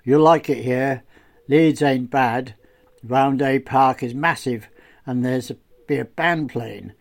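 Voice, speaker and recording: A man's voice: mid-range voice, slow. An easygoing older local man, read by a male narrator, talks in a loose, colloquial, rambling way. His lines stay close to the reader's everyday voice, slightly lifted and reassuring. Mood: chatty.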